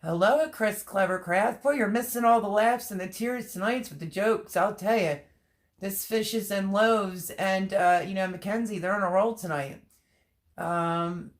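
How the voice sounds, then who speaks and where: Giggly woman laughing through a livestream chat. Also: on the low side. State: teary from laughing. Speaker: livestream host reading chat. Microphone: webcam or phone on a stream.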